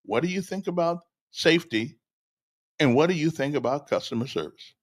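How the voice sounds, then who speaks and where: A man's voice: fairly high pitch, expressive, fairly quick. An older man hosting a casual stream, telling a rambling story with stammers, repeated words and chuckles, and talking straight to a listener. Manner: chuckles often and talks directly to a listener. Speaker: host. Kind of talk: casual livestream chat.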